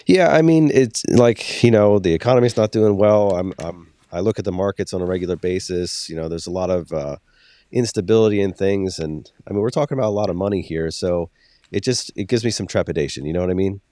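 A man's voice: deep voice, a little fast, mellow, dry recording, close to an everyday voice. A man role-playing a cautious male customer who hedges and stalls over spending money. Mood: hesitant. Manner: hesitant, hedging.

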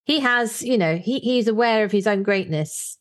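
A woman's voice: mid-range voice, normal speed. A woman in casual discussion, thinking aloud with frequent fillers and reading short book passages aloud. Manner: thoughtful, hesitant, many fillers, reads book passages aloud.

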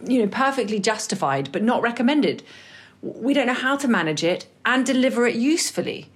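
A woman's voice: a little high, lively intonation, brisk, breathy edge. A middle-aged woman co-hosting a podcast, chiming in agreeably with dry humor. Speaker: podcast co-host. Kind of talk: casual chat.

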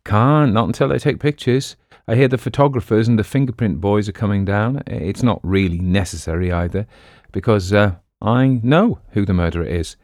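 A man voicing a quick-witted, self-assured male bookseller and amateur sleuth with a breezy manner. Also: on the low side, darkish tone, dry recording, studio quality, natural voice.

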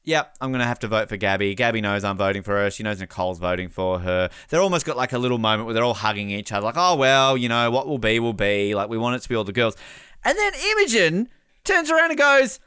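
A man hosting a casual podcast recap, animated, laughing often and mimicking the people he talks about. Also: on the low side, quick pace, few pauses, clean tone, dry recording, clean studio sound. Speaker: podcast host.

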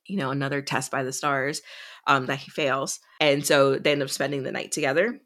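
A woman's voice: sits low, flat delivery, fairly quick, bright, forceful tone. A woman co-hosting a podcast, chatting casually as she recaps a novel's plot and acts out the characters' lines. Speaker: podcast co-host.

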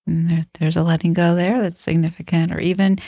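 A middle-aged woman co-hosting a Christian podcast, speaking in an earnest, warm, affirming way. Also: lowish voice, flat delivery, a little fast, no room sound, studio quality. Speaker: podcast co-host. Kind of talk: reflective Christian podcast conversation.

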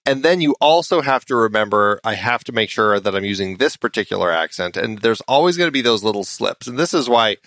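A man hosting a casual movie podcast, thoughtful and quick to laugh. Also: fairly low pitch, lively intonation, a bit bright, no echo. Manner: reflective, laughs often. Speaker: podcast host. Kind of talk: casual chat.

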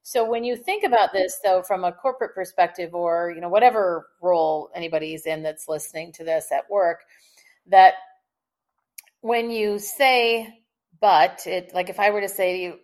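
Woman guest on a podcast, communication expert, animated, laughs a lot while she explains stuff. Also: lowish voice, moderate pace. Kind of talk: conversational podcast interview.

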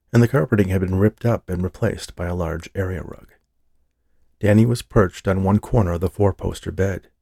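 Deep, gravelly man narrating a story. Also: warm tone, dry recording, clean studio sound. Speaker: audiobook narrator. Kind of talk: scripted narration.

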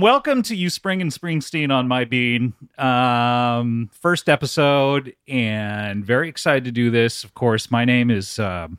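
A man's voice: mid-range voice, a bit bright, no room sound, studio quality. A man hosting a comedy podcast, chatting casually with a jokey, laughing delivery. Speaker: podcast host.

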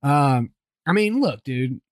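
A man's voice: medium pitch, expressive, slow, no echo. Young guy cohosting a podcast, laid back and jokey, dry close sound. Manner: slangy, joking, laid-back. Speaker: podcast co-host. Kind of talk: casual chat.

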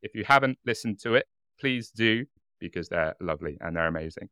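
A man's voice: lowish voice, lively intonation, brisk, pushed and bright, clean tone, no echo, clean studio sound. A man with a British accent co-hosting a podcast, chatting casually and laughing often. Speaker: podcast co-host. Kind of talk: casual chat.

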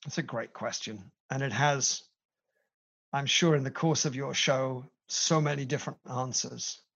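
A man's voice: medium pitch, fairly even intonation, unhurried, creaky, fairly bright tone, breathy edge. A middle-aged British man with a British accent, a company CEO telling his career story in an interview, self-deprecating and chatty. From Britain. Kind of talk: interview conversation. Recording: slightly dull lo-fi sound.

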